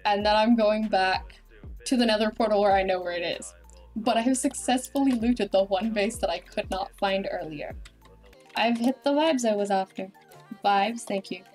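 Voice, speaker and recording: A woman's voice: mid-range voice, moderate pace, darkish tone, soft background music. A woman with an Australian accent, a streamer chatting casually and rambling animatedly while she plays a game. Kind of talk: casual chat while gaming.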